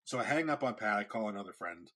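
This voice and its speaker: A man's voice: lowish voice, fast talker, breathy edge. A man in his thirties, a podcast host, telling a story in casual chat and acting out the quotes. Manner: animated storyteller, acts out quotes.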